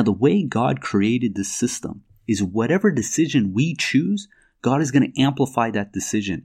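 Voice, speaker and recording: A man giving a measured, explanatory talk on scripture, reading verses aloud and pausing often with fillers. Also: mid-range voice, darkish tone. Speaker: religious commentator.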